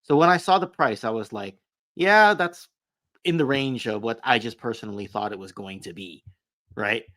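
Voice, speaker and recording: A man's voice: lowish voice, a little fast, a bit bright, no echo. A man appearing as a guest on a casual podcast, weighing his points thoughtfully and often ending with "right?". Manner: reflective, checks agreement with "right?". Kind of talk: casual chat.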